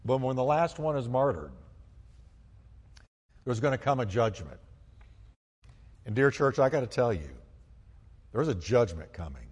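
Male pastor, fervent sermon, loud outbursts of praise, mid-pitched voice, long hall reverb. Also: big pitch swings, unhurried, long pauses, breathy edge. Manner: fervent, rising to loud exclamations; asks the congregation to respond. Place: church sanctuary.

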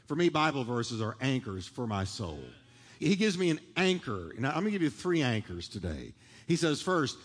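A man delivering a sermon in a church sanctuary, calling on the congregation to repeat lines back to him. His voice sits a little high for a man and swells with fervor, and a long reverb trails behind every phrase. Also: very animated, a little fast. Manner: preaching with rising fervor, leading the congregation in call-and-response. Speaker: pastor.

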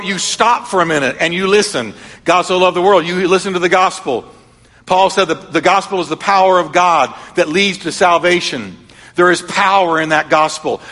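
High, bright-voiced male pastor preaching. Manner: emphatic, repetitive preaching cadence. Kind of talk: sermon. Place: church sanctuary. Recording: long reverb of a large church hall.

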